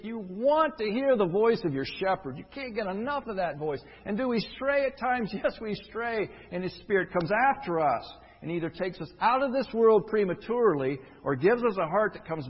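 Guy preaching a sermon, kinda high voice, breathy, swings quiet to loud, big echoey church, dull sound. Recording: dull, lo-fi with long hall reverb.

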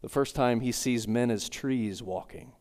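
A man's voice: medium pitch, a little slow, a little mellow. A man preaching an expository sermon, walking through a text verse by verse and circling back with repeated phrases. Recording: long hall reverb.

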